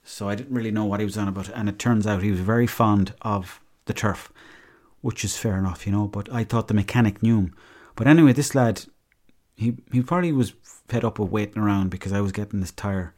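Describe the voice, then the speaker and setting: Rambling, swearing Irish man, low voice. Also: fairly quick, darkish tone. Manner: rambling, profane storytelling. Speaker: podcast host. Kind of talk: comic monologue.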